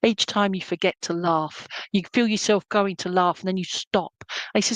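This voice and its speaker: A woman's voice: mid-range voice, fairly even intonation, normal speed, no echo, poor audio. A middle-aged woman, giving a live psychic reading. She relays messages in a chatty way and keeps checking in with "okay?" and "all right?". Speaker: psychic medium.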